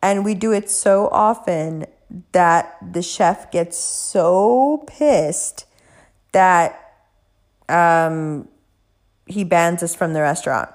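Animated woman telling a motivational story. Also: fairly low pitch, drawn-out words. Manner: animated storytelling, casual swearing. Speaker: motivational speaker. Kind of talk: casual motivational talk.

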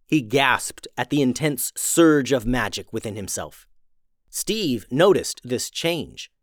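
Male storyteller reading a fantasy tale, expressive and lively in pitch, with a dry, close sound. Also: takes it slowly, dry recording.

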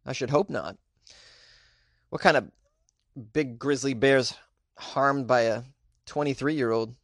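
A man's voice: medium pitch, takes it slowly, dry recording, studio quality. Sarcastic man riffing on news. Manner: sarcastic, joking asides with laughs. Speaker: host. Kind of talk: commentary on news stories.

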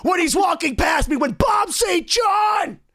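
A man putting on a boastful male guitar legend who shouts his indignant bragging. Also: very high-pitched, expressive, measured pace, voice pushed up, full character voice.

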